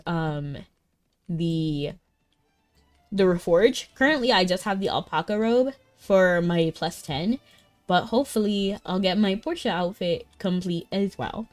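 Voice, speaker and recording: Chatty young woman streaming a game. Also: lowish voice. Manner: chatty, bubbly, greets viewers. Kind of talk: casual live-stream chat. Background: faint game music.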